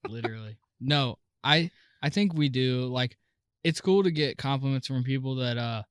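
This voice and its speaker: A man's voice: mid-range voice, moderate pace, clear, resonant tone, no room sound. A young man co-hosting a casual podcast chat, mumbling at times and laughing often. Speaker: podcast co-host.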